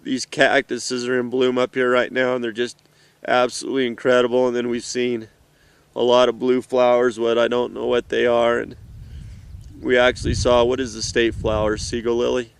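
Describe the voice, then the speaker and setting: A middle-aged man speaks to his children from an off-road vehicle in the mountains, earnest and emotional, often halting. His voice is smooth and clear, with a steady, narrow pitch, and it sounds dry and close to the mic. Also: dry recording. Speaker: father addressing his children. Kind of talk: heartfelt personal message.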